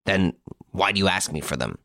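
A man's voice: low voice, lively intonation, fairly quick, pushed and bright, dry recording, studio quality, full character voice. A man doing a cornered, sullen blackmailer. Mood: defiant.

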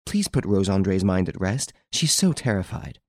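A man reading an audiobook, voicing an astonished young woman in high, breathless exclamations. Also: very animated, moderate pace, no echo. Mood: pleading.

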